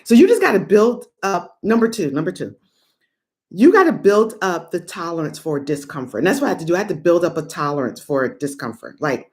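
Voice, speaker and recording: A middle-aged woman giving a lively motivational talk to online viewers, chatty and animated, calling them "y'all" and breaking into laughs and high whoops. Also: a little fast. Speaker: motivational speaker.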